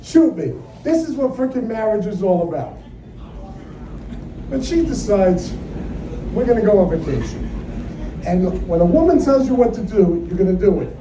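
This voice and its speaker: Older man, stand-up comedian, brash and profane, high voice, roomy club sound, distant mic. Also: lively intonation, normal speed, background noise. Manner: brash, profane, exasperated storytelling. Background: audience laughter.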